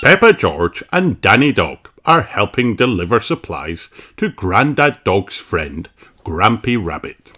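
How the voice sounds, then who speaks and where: Slow, lively children's storybook reader. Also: low voice, a little hiss or hum. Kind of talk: children's read-aloud narration.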